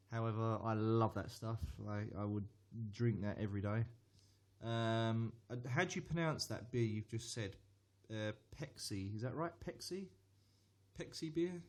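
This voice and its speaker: A man's voice: fairly low pitch, a little mellow. A man reviewing a beer on a live stream, chatty and hesitant, often repeating words as he answers viewers.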